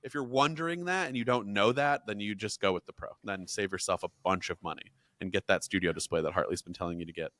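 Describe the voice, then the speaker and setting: Tech podcast guy, lowish bright voice, chatty, dry close sound. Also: fast, hardly any pauses, no room sound. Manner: chatty, animated, with restarts. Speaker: podcast co-host. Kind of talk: casual tech chat.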